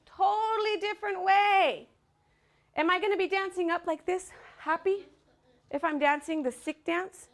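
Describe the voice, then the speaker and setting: A high-voiced woman leads a children's dance class in a classroom. She talks with lively energy, coaxing the kids along and counting the rhythm aloud. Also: unhurried. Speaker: dance teacher.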